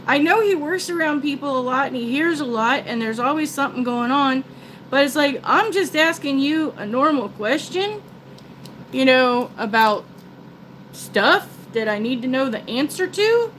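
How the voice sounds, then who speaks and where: Older woman host, talkative and rambling, a touch high-pitched, faint background noise. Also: lively intonation, normal speed, fairly bright tone, low-quality recording. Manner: chatty, self-described talker, many restarts. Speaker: live stream host. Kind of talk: casual rambling chat.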